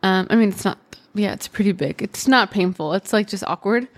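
A woman talks through a personal story on her podcast in a relaxed, chatty way. She leans on "like" and "um" and shifts between quick bursts and slow pauses. Her pitch sits in an everyday middle range. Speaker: podcast host.

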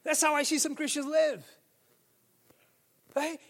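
High bright-sounding pastor guy preaching in a church, shouts and booms, lots of hall reverb. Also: fairly even intonation, measured pace, creaky. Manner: builds from quiet musing to fervent shouting. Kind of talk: sermon. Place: church sanctuary.

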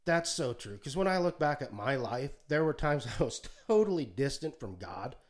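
A man giving a halting, heartfelt personal testimony, often choked up and restarting his sentences. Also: medium pitch, big pitch swings. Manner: halting, many restarts, gets choked up, folksy. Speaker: podcast co-host sharing testimony. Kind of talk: emotional personal testimony, sermon-like. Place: alone at home.

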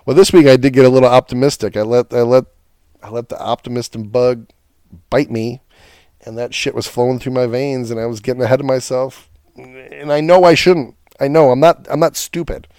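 Man, podcast host, sarcastic profane rant, mid-pitched, dry close sound. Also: steady tone, moderate pace, a little mellow, smooth, no echo. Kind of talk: casual sports rant.

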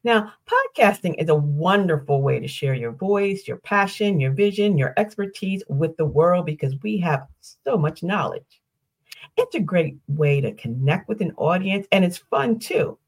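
A woman's voice: fairly low pitch, expressive, unhurried, breathy edge. An older woman hosting her own podcast, explaining things step by step in an upbeat way, posing questions and walking through lists. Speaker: podcast host. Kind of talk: solo podcast teaching.

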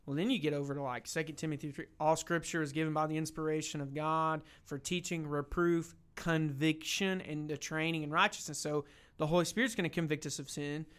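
A young man with a slightly high, bright, forceful voice, speaking earnestly about his faith. He talks in a casual, heartfelt way, often restarting his sentences. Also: fairly even intonation, fairly quick, clean tone. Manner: earnest, emotional, many restarts. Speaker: lay preacher.

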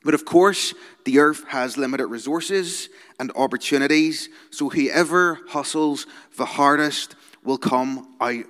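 A man's voice: on the high side, unhurried, hardly any pauses, a bit bright, long reverb tail. A Northern Irish man, a youth worker, giving an informal sermon-style talk, chatty and conversational, often checking in with the audience. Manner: conversational, keeps checking in with "okay?" and "right?".

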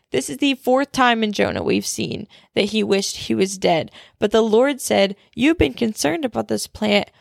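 A woman's voice: mid-range voice, gravelly, a little mellow, dry recording, clean studio sound. A young woman giving an earnest, reflective devotional talk, often saying "like".

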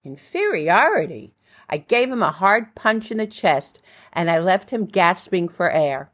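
An older woman narrating her own memoir in a plain, steady storytelling way. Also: on the low side, unhurried.

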